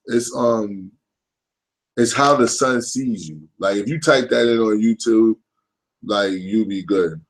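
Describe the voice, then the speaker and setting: A man in his thirties talks through a casual live stream with a gravelly, fried voice. His pitch sits fairly low. He rambles, swears freely, and keeps checking in with his listeners. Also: takes it slowly, poor audio. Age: 30s. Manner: rambling, profane, keeps asking "you know what I'm saying". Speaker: livestream host.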